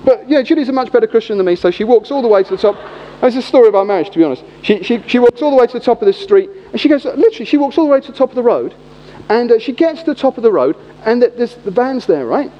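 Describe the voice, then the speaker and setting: A high-pitched British man in middle age preaches with a chatty, storytelling flow. His pitch leaps all over the place. The sound carries a long reverb and is dull and lo-fi. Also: rapid-fire. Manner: animated, chatty anecdote telling. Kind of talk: sermon storytelling.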